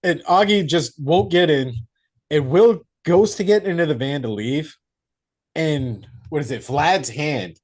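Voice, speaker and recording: A man's voice: a little high, a little slow, darkish tone. A man co-hosting a casual movie review podcast, acting out scenes in put-on voices and swearing freely. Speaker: podcast co-host.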